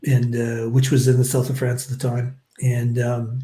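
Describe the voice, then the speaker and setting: A middle-aged man talks as a podcast guest, his pitch sitting in an ordinary middle range. He tells long stories loosely, filling gaps with ums and uhs and dropping casual swear words. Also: monotone, moderate pace, warm tone, poor audio. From Canada, British Columbia. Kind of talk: casual storytelling interview.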